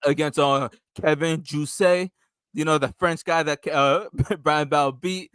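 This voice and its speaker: Animated man with a dry, close sound. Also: fairly high pitch, measured pace, clean tone, no echo. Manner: animated, laughing, acts out quotes. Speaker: podcast co-host. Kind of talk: casual sports chat.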